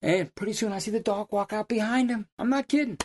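An older man, telling hunting stories in a folksy, animated way. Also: sits high, quick pace, a little hiss or hum. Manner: folksy, animated storyteller who laughs at his own stories. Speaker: lion hunting guide. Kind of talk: casual storytelling.

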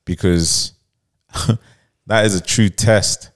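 A man's voice: low voice, fairly even intonation, slow. A man, co-hosting a podcast, casually retelling a plot with lots of fillers and laughter. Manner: rambling, many fillers, laughs while telling. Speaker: podcast co-host.

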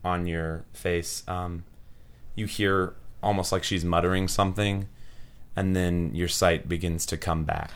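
A young man runs a tabletop game in a low, deep voice. He narrates slowly and loosely, pausing on fillers as he describes the scene. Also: clean tone. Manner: relaxed, halting narration with many fillers. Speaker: game master.

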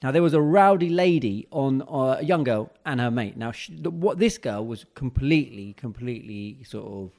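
A man co-hosting a radio show, teasing his co-hosts and telling a relaxed anecdote in casual banter. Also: mid-range voice, moderate pace, hardly any pauses. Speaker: radio co-host.

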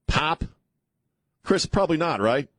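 A man's voice: on the high side, expressive, unhurried, a bit bright, dry recording, clean studio sound. Blunt, joking male talk radio host. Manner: blunt, joking, laughs often. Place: radio studio. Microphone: studio mic.

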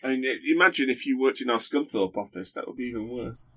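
Here a man with a medium-pitched, bright, forceful voice talks quickly while guest-hosting a podcast. The chat is casual and dryly funny, though he hesitates a lot and leans on fillers.

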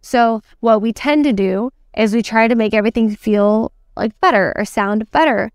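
A woman's voice: fairly high pitch, moderate pace, few pauses, dry recording, clean studio sound. A woman sales coach teaching emphatically in a chatty way, checking in often with her listeners. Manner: emphatic, chatty, lots of "like" and "okay?". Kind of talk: teaching lesson.

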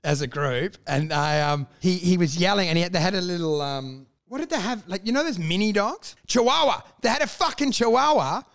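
High-voiced man telling stories. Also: a little fast, gravelly, hardly any pauses, no room sound, clean studio sound. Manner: animated anecdotal storyteller, swears freely. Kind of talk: casual podcast chat.

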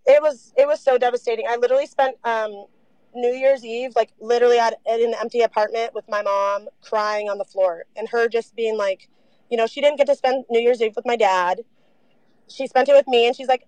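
A young woman telling her story in a casual interview, animated, saying "like" a lot and swearing freely. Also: a little high, a little fast, no echo, rough recording.

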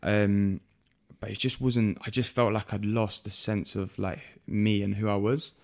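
Guy in his 20s, talks slow and reflective, lots of "you know". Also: fairly low pitch, level tone, creaky, a little mellow. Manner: reflective, many fillers and restarts. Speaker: guest. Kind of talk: candid podcast conversation.

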